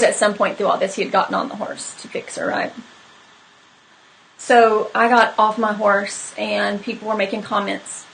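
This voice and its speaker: A woman's voice: mid-range voice, gravelly, fairly bright tone, slight background noise, low-quality recording. A woman telling a personal story to live viewers in a candid, conversational way, with many fillers. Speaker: horse trainer hosting a live stream.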